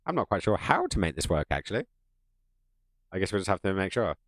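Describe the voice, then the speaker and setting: A man's voice: low voice, very animated, fairly quick, creaky, no echo. A man giving casual, rambling live-stream commentary while playing a game, joking with his viewers. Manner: rambling, jokey, chatting to viewers.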